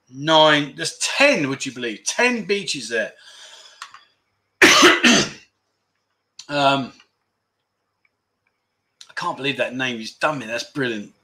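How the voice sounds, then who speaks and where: A man's voice: on the high side, bright, forceful tone. A man hosting a casual livestream, reading viewer comments aloud and chatting with enthusiasm, often repeating words for emphasis. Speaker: livestream host.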